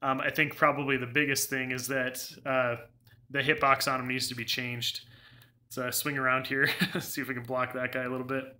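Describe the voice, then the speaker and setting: A young man streaming gameplay live with a very bright, sharp voice at a middling pitch. He rambles, restarts his sentences and laughs often as he reads chat. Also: level tone, a little fast. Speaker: game streamer. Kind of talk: casual live gameplay commentary.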